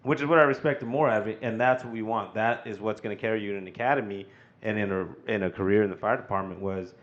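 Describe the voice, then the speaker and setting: A man's voice: lowish voice, fairly even intonation, quick pace, muffled recording. A man co-hosting a firefighter podcast, giving earnest advice about academy life in casual chat. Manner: earnest, emphatic, acts out quoted voices.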